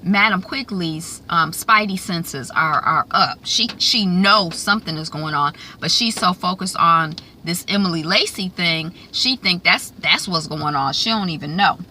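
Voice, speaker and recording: A woman's voice: sits low, sharp tone, slight background noise. A woman giving a casual, chatty recap of a TV episode. She fills her talk with ums and acts out the characters' lines. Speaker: TV recap reviewer.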